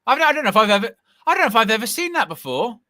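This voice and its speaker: A young man doing casual live football watch-along commentary, reacting excitedly and shouting at big moments. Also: very high voice, rapid-fire, no echo, clean studio sound.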